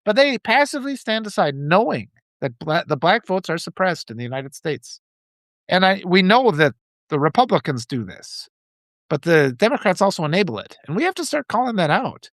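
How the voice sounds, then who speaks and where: A man hosting a live stream, speaking with fervent conviction in a somewhat high voice. He hammers his points home by repeating phrases and reacts to viewer chat between remarks. The sound is close and dry, with no room echo. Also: big pitch swings, moderate pace, fairly bright tone. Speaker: livestream host. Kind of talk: impassioned political commentary reading live chat.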